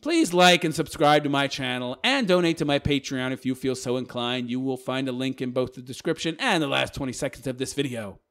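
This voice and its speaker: A channel host reacting to viewer comments in a sarcastic, mocking manner, laughing often. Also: male voice, medium pitch, fairly quick, few pauses, fairly bright tone.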